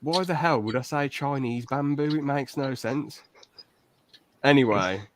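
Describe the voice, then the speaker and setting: A man's voice: medium pitch, measured pace, dry recording, clean studio sound. A man hosting a casual podcast, recapping a film with jokey, theatrical asides. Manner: jokey, playacts outrage.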